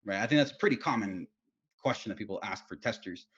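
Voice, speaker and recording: A man's voice: lowish voice, fast, breathy edge. A man giving casual career advice as a guest speaker on a video call, telling stories with lots of fillers and restarts. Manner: animated storytelling, many fillers and restarts. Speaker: guest speaker, test engineering lead. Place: home, Utah. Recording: dull lo-fi video call audio.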